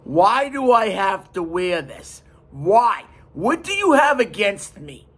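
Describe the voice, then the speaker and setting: A man's voice: high-pitched, sing-song, slow pace, a bit bright, pitched above the performer's own voice, heavily acted. A man voicing an angry, defiant young male wrestler who demands answers, as he retells a story. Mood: indignant. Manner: indignant, questioning. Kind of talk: retelling with put-on voices.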